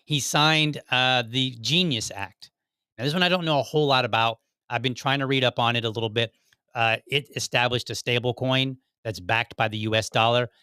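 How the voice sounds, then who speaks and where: A man's voice: medium pitch, bright, forceful tone, dry recording, clean studio sound. Chatty man hosting a political podcast. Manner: conversational, many restarts and "like" asides. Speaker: podcast host. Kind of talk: casual political commentary.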